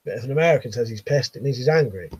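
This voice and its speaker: Racing along in an animated, husky voice of medium pitch, an English man in his late thirties reads out viewers' messages on a casual bedroom livestream, joking easily and chuckling. The recording has no echo.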